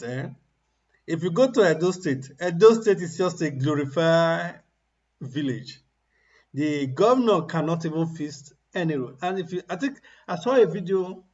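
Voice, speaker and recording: A man's voice: a little high, a little mellow, muffled recording. A man giving mocking, ranting political commentary on a livestream, laughing at the people he criticizes.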